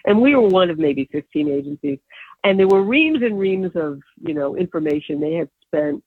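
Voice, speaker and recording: An older woman, an advertising agency founder, telling animated stories in an interview and laughing often. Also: lowish voice, moderate pace, slightly rough, no room sound. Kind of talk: storytelling in an interview. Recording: tinny phone-like line.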